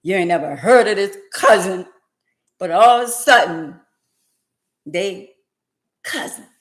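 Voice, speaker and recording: A woman, talking sassily to her live audience in an animated, preachy monologue. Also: mid-range voice. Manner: sassy, preachy, drawn-out exclamations and laughs.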